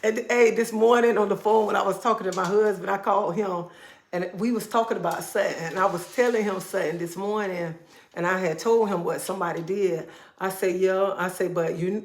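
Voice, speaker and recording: A middle-aged woman chats on a livestream, telling stories in an animated, casual way. Her voice sits at a middle pitch. The room gives it a noticeable echo. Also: brisk. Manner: animated storytelling with Southern-style speech. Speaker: livestream host. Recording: echoey room.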